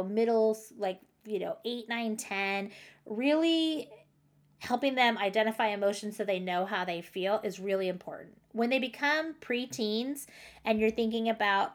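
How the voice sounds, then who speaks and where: A middle-aged woman hosting a parenting podcast, giving casual, encouraging advice with frequent light laughs. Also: mid-range voice. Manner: chatty and encouraging, laughs often, acts out parent and child lines.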